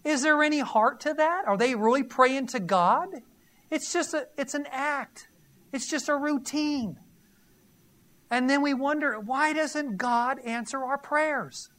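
A man's voice: very high-pitched, a little slow, bright, forceful tone. A man preaching a sermon in a conversational way, reading scripture and asking the audience questions with a teasing, emphatic delivery. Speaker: pastor.

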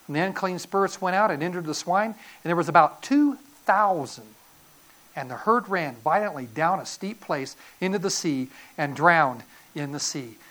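A woman preacher giving a sermon, telling the story dramatically and acting out voices. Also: fairly low pitch.

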